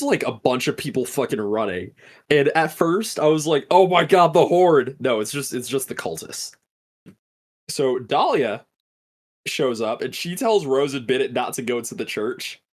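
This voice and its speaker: A man's voice: mid-range voice, lively intonation, measured pace. A man hosting a podcast, recapping a film in a casual, swearing storytelling style. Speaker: podcast host.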